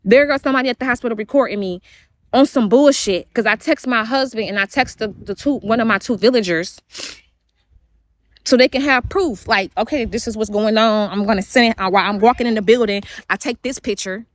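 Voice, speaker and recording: A woman's voice: fairly high pitch, brisk, no echo. Rambling, cursing woman livestreaming. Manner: rambling, profane, repeats herself. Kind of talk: heated livestream monologue.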